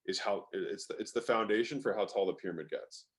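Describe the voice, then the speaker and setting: A man's voice: fairly low pitch, fast. A man speaking as an interview guest in a casual, emphatic way, swearing now and then and using lots of "like" fillers. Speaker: guest, sales expert.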